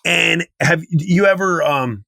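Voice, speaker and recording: A man's voice: on the high side, slow, creaky, bright, forceful tone, no echo. A man in his forties telling a rambling story in casual chat as podcast co-host, now and then humming bits of a tune. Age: 40s. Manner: rambling storyteller, hums snippets of tunes.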